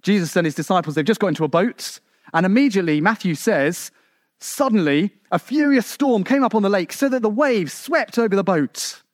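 A man from England preaching a sermon in a conversational way, with rhetorical questions and asides, building to emphatic peaks and then dropping low. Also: expressive, a little fast, no room sound, clean studio sound.

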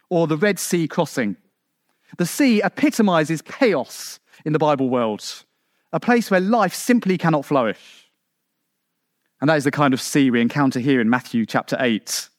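A man from England preaching a sermon in a conversational way, with rhetorical questions and asides, building to emphatic peaks and then dropping low. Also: dry recording, clean studio sound.

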